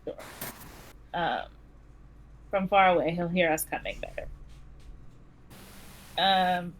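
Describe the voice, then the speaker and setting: A woman playing a tabletop game, speaking hesitantly and softly. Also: fairly low pitch, takes it slowly, a little hiss or hum, poor audio. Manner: hesitant, soft-spoken. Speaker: player.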